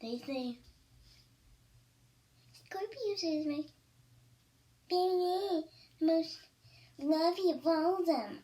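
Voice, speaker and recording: A woman's voice: very high-pitched, expressive, slow, pauses often, warm tone, far from the mic, a little hiss or hum. A female vlogger talking casually to camera in a rambling, stop-start way with emphatic repetitions.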